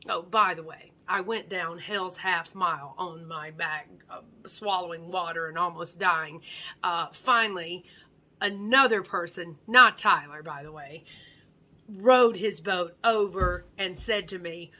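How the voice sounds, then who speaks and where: A woman's voice: lowish voice, measured pace, sharp tone. A woman giving an earnest motivational monologue, often dropping her voice to a near-whisper. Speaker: motivational speaker.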